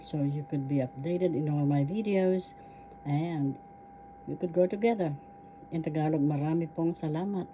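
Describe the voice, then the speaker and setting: A woman with a Filipino accent teaching a language lesson, sounding out words slowly syllable by syllable. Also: low-pitched, dark tone, slight background noise. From Philippines. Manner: slow, careful syllable-by-syllable pronunciation. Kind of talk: slow spoken language lesson.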